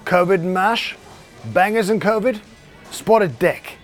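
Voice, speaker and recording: A man's voice: high-pitched, takes it slowly, soft background music, voice pushed up. A man playing a cheerful pub landlord in a comedy sketch, breezy and matter-of-fact. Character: cheerful English pub landlord, male adult.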